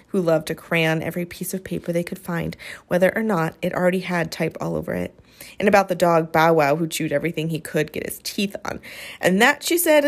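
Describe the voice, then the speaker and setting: Expressive woman reading an audiobook. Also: on the low side. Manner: expressive, storytelling. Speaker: narrator.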